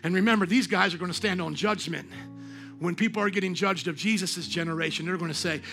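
A man preaching a sermon to his congregation, passionate, swinging from quiet talk to shouting and asking them questions. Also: high-pitched, fast talker, creaky, soft background music. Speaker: pastor. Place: church service.

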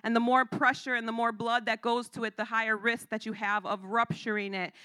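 A woman giving a sermon testimony, swinging from a hushed near-whisper to loud, emphatic preaching with lots of repetition. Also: on the high side, level tone, brisk, no echo, studio quality. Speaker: church speaker giving testimony.

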